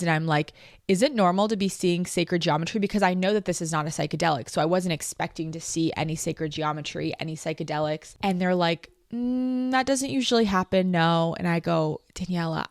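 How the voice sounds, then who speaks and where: A woman's voice: fairly low pitch, dry recording, clean studio sound. A young woman hosting a podcast, casually telling a personal story in a candid, confessional way, full of "like" fillers. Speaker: podcast host.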